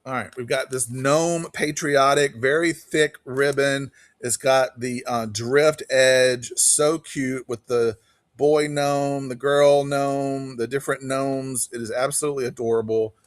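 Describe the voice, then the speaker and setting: A man hosting a live online auction stream, chatting casually and quickly calling bids while greeting viewers by name. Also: medium pitch, steady tone, no room sound.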